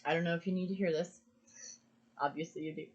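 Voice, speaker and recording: A woman's voice: lowish voice, steady tone, fast, dull audio. A woman giving an earnest, emphatic pick-a-card reading, repeating phrases for stress. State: emotional. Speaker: tarot card reader.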